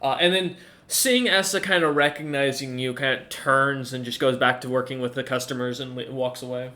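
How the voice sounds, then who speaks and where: A man narrates as game master of a tabletop game, stumbling often and restarting his sentences. He speaks at a middling pitch, in loose, improvised narration. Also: steady tone, fairly quick, bright, forceful tone. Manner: hesitant, full of fillers and restarts.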